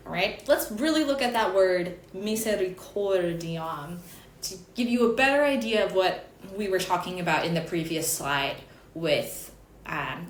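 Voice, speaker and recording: A woman in her thirties teaching Gregorian chant over slides, explaining in a chatty way with little asides. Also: on the low side. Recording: echoey room, faint background noise.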